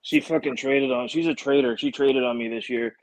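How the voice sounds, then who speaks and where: A man's voice: medium pitch, steady tone, normal speed, rough recording. A man co-hosting a casual sports chat, blunt and mock-exasperated, swearing freely.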